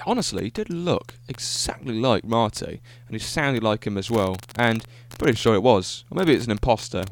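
A man's voice: fairly low pitch, a little hiss or hum. A man hosting a solo podcast, talking in an enthusiastic, rambling way and often correcting himself. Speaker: podcast host. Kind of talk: solo casual podcast monologue.

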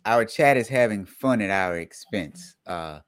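A man's voice: on the low side, animated, measured pace, clean tone, dry recording. Man from the US South, podcast host, upbeat, dry close sound. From Southern United States. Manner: upbeat, reads viewer comments aloud. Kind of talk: casual chat.

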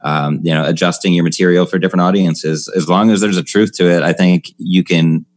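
Very deep, flat-voiced male host. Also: fairly quick. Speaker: podcast host. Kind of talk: interview questions.

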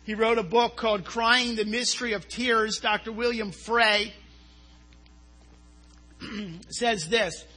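A man preaching a sermon in a very high, bright and keen voice with a husky, breathy edge. He speaks slowly and deliberately, poses rhetorical questions and answers them himself, and repeats words as he goes. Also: steady tone.

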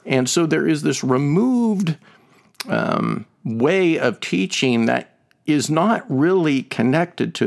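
A man with a fairly high voice and vocal fry co-hosts a podcast discussing the Bible. Teaching scripture, he chats emphatically with many fillers and musical comparisons.

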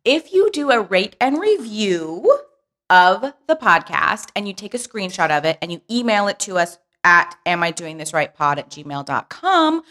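A woman's voice: mid-range voice, big pitch swings, normal speed, a bit bright. A young woman co-hosting a casual chat podcast, upbeat and joking, with casual swearing. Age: young adult. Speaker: podcast co-host.

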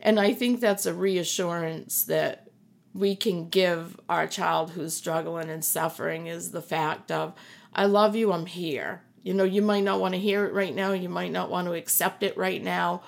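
In an emotional podcast conversation, the host's mother, a middle-aged woman appearing as a guest, offers earnest reassurance and repeats herself for emphasis. She has a fairly low voice with vocal fry, fairly even intonation, and a moderate pace.

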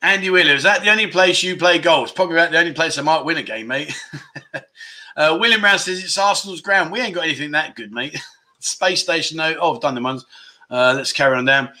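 A man's voice: on the high side, bright, forceful tone. A man hosting a casual livestream, chatty and joking as he reads out viewer comments. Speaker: livestream host.

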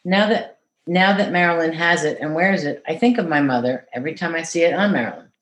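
A woman caregiver reading a letter aloud in an earnest, measured way, then answering interview questions. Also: low voice. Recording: echoey room.

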